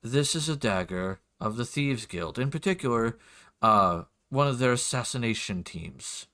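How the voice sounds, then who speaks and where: A man voicing a sinister grey-skinned nobleman who speaks slowly, formally and with quiet menace. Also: medium pitch, expressive. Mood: cool, probing.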